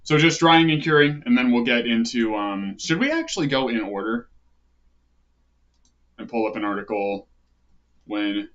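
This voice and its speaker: A man chats through a casual livestream, drifting between thoughts with loose fillers and offhand asides. His voice sits at an ordinary middle pitch. The stream audio sounds dull and lo-fi. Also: moderate pace, long pauses. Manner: rambling, relaxed, with fillers and asides. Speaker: livestream host.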